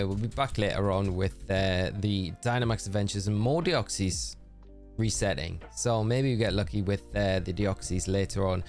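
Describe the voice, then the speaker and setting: This is a man with a fairly low, worn-out voice, chatting easily to his live-stream audience. He sounds upbeat and friendly, with soft game music playing underneath. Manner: chatty and upbeat, thanking viewers by name. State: tired voice. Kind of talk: casual live-stream chat while gaming.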